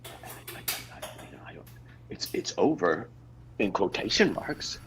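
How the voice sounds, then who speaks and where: A man's voice: sits low, big pitch swings, unhurried, creaky, fairly bright tone, full character voice, low-quality recording. An actor playing a flustered married man with a brood of children, stammering and repeating himself as he urgently pleads in an improv scene on stage. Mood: pleading. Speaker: improv performer. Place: theater stage.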